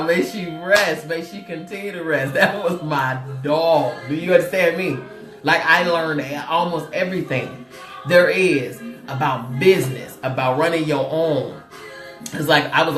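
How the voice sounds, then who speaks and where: A woman's voice: low voice, fairly bright tone, roomy sound. A woman from Chicago hosting a casual motivational livestream, laughing often, repeating herself and checking in with viewers directly. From Chicago, USA. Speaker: host.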